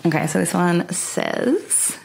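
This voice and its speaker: A woman's voice: lowish voice, huge pitch swings, slow pace, gravelly, a little mellow, slight background noise. A young woman hosting a podcast from her bedroom floor, chatting casually with lots of fillers and giggles. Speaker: podcast host. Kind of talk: casual chat.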